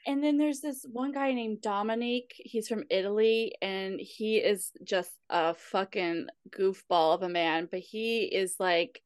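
Woman podcast co-host, animated and giggly, casual swearing, dry mic. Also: mid-range voice, a little slow, few pauses, clear, resonant tone, dry recording. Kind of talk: casual recap chat.

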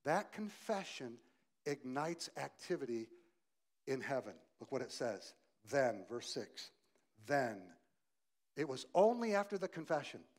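A male pastor preaching a sermon, swinging from loud emphasis to quiet softness and asking the congregation direct questions. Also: mid-range voice, big pitch swings, measured pace.

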